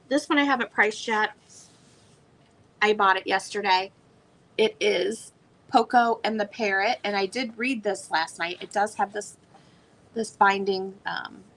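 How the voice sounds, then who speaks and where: A woman's voice: medium pitch, fairly bright tone, poor audio. A woman selling old books on a live stream, talking in a chatty, rambling way. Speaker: online book seller. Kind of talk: casual live sale chat.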